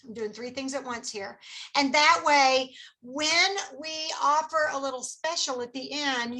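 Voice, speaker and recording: A woman's voice: high-pitched, bright, forceful tone. A woman beauty consultant giving an upbeat, folksy skincare product presentation to a group of friends, coaxing them along with questions. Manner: upbeat and folksy, coaxes her audience with questions.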